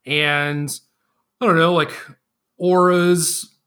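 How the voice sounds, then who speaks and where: A man talks through a card game discussion in an easygoing, rambling way, full of fillers and loose asides. His voice sits a little high and sounds bright and forceful. It has the feel of a casual podcast conversation between friends. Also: little pitch movement, extremely slow. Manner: laid-back, rambling with fillers. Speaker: podcast co-host.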